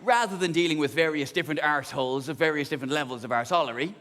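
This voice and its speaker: A man's voice: fairly high pitch, very fast, noisy background. A man performing live stand-up comedy on a theatre stage, ranting animatedly and swearing freely into a stage mic. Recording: long theatre hall reverb.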